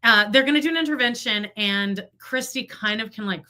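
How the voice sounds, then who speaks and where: A woman's voice: fairly high pitch, fairly quick. A woman co-hosting a casual gossip podcast, swearing often and acting out what others said. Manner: animated, swearing, acts out quotes. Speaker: podcast co-host.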